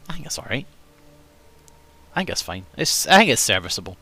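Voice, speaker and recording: English man, casual streamer chat, self-mocking, bright bouncy voice, dry close sound. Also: medium pitch, sing-song, a little fast, long pauses, slightly rough, no room sound. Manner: chatty, self-mocking, laughs at himself. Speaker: streamer playing a game.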